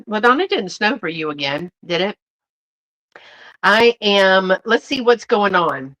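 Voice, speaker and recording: This YouTube vintage reseller hosts a live stream, talking bubbly and casually to her viewers as y'all, with frequent fillers and restarts. She has a medium-pitched, slightly bright voice, expressive and unhurried. The recording quality is low.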